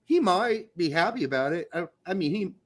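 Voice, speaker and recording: A man with a high, very lively voice co-hosting a loose sports podcast. He jokes constantly, swinging his pitch up and down, and drifts now and then into silly put-on voices. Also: fairly quick. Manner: joking, animated, bursts into silly voices. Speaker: podcast co-host. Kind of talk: casual banter.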